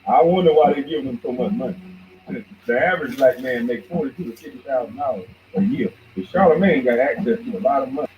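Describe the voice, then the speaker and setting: A man hosting a podcast, ranting in heated, profane commentary that swings between mocking shouts and low mutters. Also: expressive, quick pace, slight background noise. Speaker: podcast host. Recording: dull lo-fi recording.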